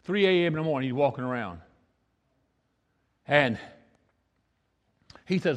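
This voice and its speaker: A man's voice: medium pitch, animated, normal speed, pauses often. A male Pentecostal pastor preaching a folksy, story-filled sermon, often repeating himself for emphasis. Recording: echoey church hall.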